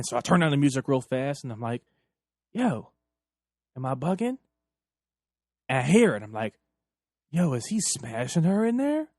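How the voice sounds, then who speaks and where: Profane, animated young male podcast host. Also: a little high, no room sound, studio quality. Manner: animated, profane, acts out quoted lines. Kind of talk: crude storytelling monologue.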